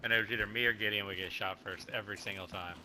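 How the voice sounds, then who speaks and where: A chatty man with a very bright, forceful voice. He talks casually with friends during a game stream, laughing often. A faint hiss sits behind him. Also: fairly low pitch, steady tone, very fast. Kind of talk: casual chat while gaming.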